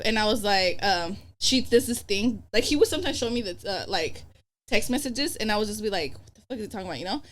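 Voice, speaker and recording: A young woman guest on a podcast, telling a story in casual chat, animated and profane, acting out what others said. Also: mid-range voice, brisk. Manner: animated, profane, acts out quoted dialogue.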